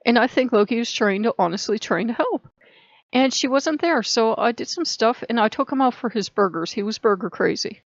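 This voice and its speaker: Woman vlogger, fairly high voice, rambling chatty delivery, muffled dry recording. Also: expressive, fairly quick, dry recording. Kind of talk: casual storytelling to camera. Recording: dull lo-fi dry sound.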